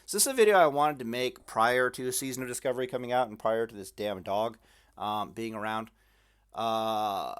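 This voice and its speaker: A man's voice: medium pitch, normal speed, clean tone. A man casually rambling in a vlog from his room at night, full of fillers and dry self-mocking jokes. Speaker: gaming video creator.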